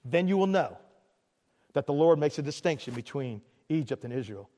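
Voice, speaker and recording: A man voicing a stern prophet who pronounces judgment slowly and gravely. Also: on the high side, expressive, warm tone, big-room sound, pitched below the performer's own voice, close to an everyday voice. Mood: solemn. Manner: slow and grave, then pleading with anger. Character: stern prophet delivering God's doom, male.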